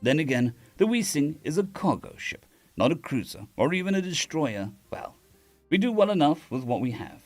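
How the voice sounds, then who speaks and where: A man's voice: fairly high pitch, sing-song, moderate pace. A man reading a story aloud on a live stream, with casual restarts and asides to chat.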